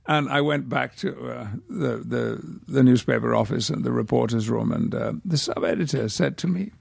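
Older man, from northern England, gravelly voice, wry measured storyteller, dry close mic. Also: medium pitch, a little mellow, no echo. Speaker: guest actor. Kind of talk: anecdotal interview storytelling.

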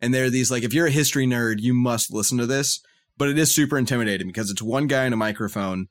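A man's voice: mid-range voice, fast. A man co-hosting a podcast in casual chat, recommending things with enthusiasm and lots of "uh" and "like". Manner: enthusiastic, filler-heavy recommender. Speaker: podcast co-host.

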